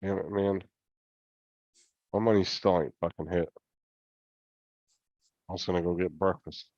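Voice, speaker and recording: A man's voice: sits low, steady tone, measured pace, darkish tone, no room sound, muffled recording. A man hosting a live stream, chatting casually in a laid-back way and swearing freely.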